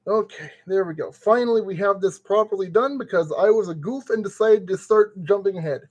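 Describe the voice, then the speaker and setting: A man's voice: high-pitched, a little fast, a little mellow. A man streaming casually and talking himself through a brick-kit build step by step. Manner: chatty, talks himself through each step.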